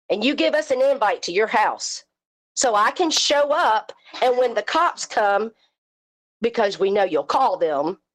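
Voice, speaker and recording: Brief: woman host, middle-aged, raised pitch, furious profane call-out. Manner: confrontational, cursing, taunting. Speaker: live stream host. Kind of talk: angry profane rant.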